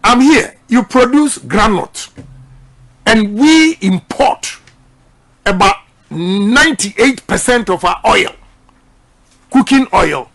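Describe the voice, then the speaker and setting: A man's voice: high-pitched, lively intonation, slow pace, creaky, long pauses, fairly bright tone. A middle-aged Ghanaian man giving an emphatic campaign speech that drifts between English and Twi and repeats his key points. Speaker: politician.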